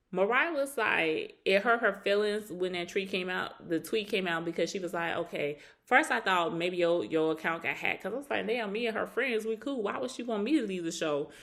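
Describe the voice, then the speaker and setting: A woman casually recapping a reality show reunion, animated and acting out quotes in a higher voice.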